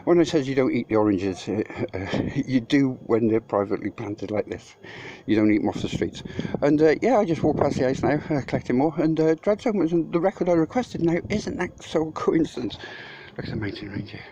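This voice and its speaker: A man walks and talks on a mountainside, chatting to his followers in a loose, rambling way with plenty of swearing. He is short of breath from lugging loads uphill. The phone recording has clear wind and outdoor noise behind him. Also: medium pitch, expressive, fairly quick, highs cut off. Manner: rambling, swears freely, chatty asides to viewers. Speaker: vlogger. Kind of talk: casual walking vlog.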